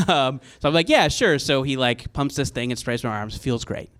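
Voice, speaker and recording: A man's voice: medium pitch, normal speed, a bit bright, clean tone. Rambling self-mocking male storyteller. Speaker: comedy writer telling a story on stage. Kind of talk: live storytelling. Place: live show venue with audience.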